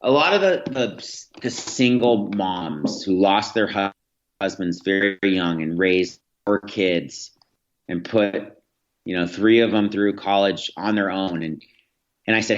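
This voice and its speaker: A man's voice: low-pitched, takes it slowly, muffled recording. A man, a podcast guest, telling reflective stories in an interview, with many restarts and fillers. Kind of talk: storytelling in an interview.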